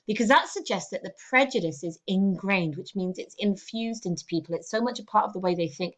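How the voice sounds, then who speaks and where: A woman English teacher talking through a lesson in a steady, explanatory way, checking in with "okay" as she goes. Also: medium pitch. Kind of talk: recorded classroom lesson.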